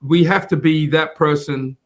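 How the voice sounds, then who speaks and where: A man's voice: a little high, fairly even intonation, unhurried. A male co-host of a faith talk show who laughs often and teases playfully in casual chat.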